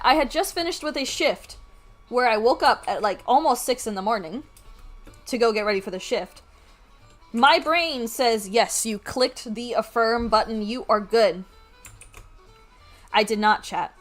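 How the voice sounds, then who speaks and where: A woman streamer telling a story to her chat at home, animated, swearing freely and laughing as she goes. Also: on the high side. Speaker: art streamer.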